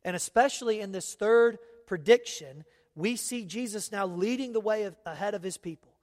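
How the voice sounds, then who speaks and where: A man preaching a sermon, emphatic, often checking in with the congregation with quick asides. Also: high-pitched, darkish tone, in a large hall. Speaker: pastor.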